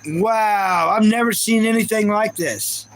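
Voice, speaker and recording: A man's voice: high voice, unhurried, fairly bright tone, low-quality recording. A man hosting a casual live stream, ranting in reaction and repeating himself while talking to his chat viewers. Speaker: livestream host.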